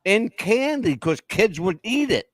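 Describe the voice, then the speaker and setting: Animated joking male podcast co-host. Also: high voice, a little slow, dry recording, studio quality. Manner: emphatic, joking, keeps swearing he is not making it up. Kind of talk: casual chat.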